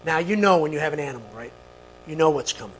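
A man with a slightly higher voice tells a long personal story to a live audience. He talks in an animated way and keeps turning to the listeners with quick asides. A faint hum sits under the recording. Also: rough recording. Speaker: speaker.

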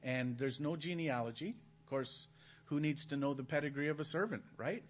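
A man's voice: fairly high pitch, normal speed. A man preaching at a chapel, teaching from the Gospels in a conversational way and putting questions to his listeners. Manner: asks the audience questions, conversational. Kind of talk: Bible teaching. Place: church hall.

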